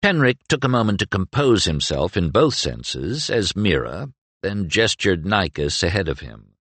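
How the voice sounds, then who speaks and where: A man with a very deep voice narrates a fantasy audiobook in a measured, expressive way. His pitch moves in lively sweeps, and the recording is dry and close. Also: husky, no echo. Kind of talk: scripted narration.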